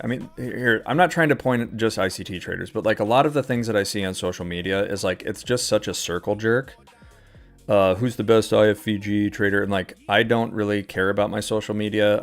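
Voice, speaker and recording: A man's voice: lowish voice, steady tone, fast, faint music behind. A man hosting a live trading stream, talking casually and ranting with a lot of swearing and exasperation. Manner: casual, filler-heavy talk. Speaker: trading livestream host. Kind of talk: live-stream market commentary.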